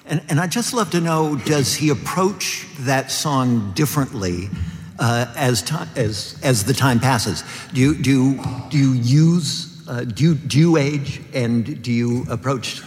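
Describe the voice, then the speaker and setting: A man moderates a panel interview, stumbling over his questions and repeating words. His voice sits at a mid pitch, and the sound rings with a long hall reverb. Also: a little slow.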